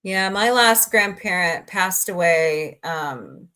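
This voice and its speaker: This middle-aged livestream host from Southwest Missouri talks slowly in a low-side, animated voice with a sharp tone. She rambles chattily as she works through messages from her viewers.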